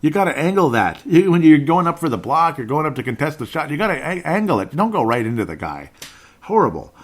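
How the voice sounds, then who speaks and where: A man with a slightly high, sing-song voice talks fast while hosting a solo sports podcast. Exasperated over a basketball game, he rants sarcastically and now and then laughs at himself.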